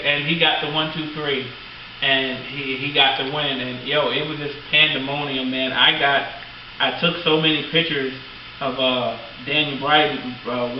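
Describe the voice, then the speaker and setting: A middle-aged man, hosting as a father, chatting in a rambling, excitable way with lots of fillers. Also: medium pitch, far from the mic. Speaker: host, father. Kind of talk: casual chat. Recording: very echoey dull room, off-mic, faint noise.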